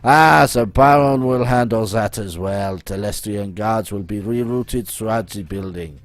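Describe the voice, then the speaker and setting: A man doing a scheming male hacker with a heavy French accent and a low voice, grand and theatrical. He speaks of himself in the third person. The voice is dry and close, with no room sound. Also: unhurried, no room sound, close to an everyday voice. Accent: French (put on).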